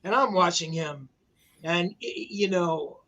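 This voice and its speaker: High-voiced older man telling stories. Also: takes it slowly, pushed and bright, muffled recording. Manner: rambling, filler-heavy, says "you know, man" a lot. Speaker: guest, rock journalist. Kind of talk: casual anecdotal storytelling.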